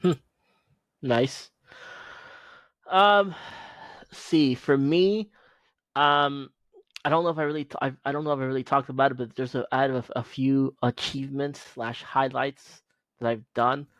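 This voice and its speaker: A man hosting a podcast, chatting casually and recounting a story in a halting, rambling way. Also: medium pitch, steady tone, fairly bright tone, no room sound. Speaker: podcast host. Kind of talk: casual chat.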